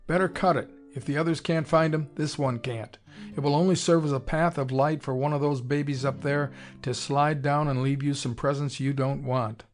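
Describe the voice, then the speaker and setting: A man voicing a hotheaded young fighter pilot who shouts urgent orders and demands. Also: a little high, fairly even intonation, moderate pace, soft background music, close to an everyday voice. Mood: shouting.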